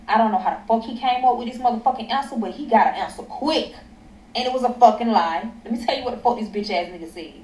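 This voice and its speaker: A woman's voice: a little high, quick pace, a little mellow. A young woman telling a personal story in a blunt, emphatic way, swearing heavily. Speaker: storyteller in a clip being reacted to. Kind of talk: profane storytime rant. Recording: echoey, distant mic with faint ambience.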